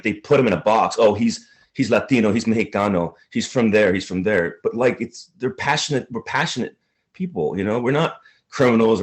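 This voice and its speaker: A man, an actor, talking in an interview in an earnest, halting, emotional way. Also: on the low side.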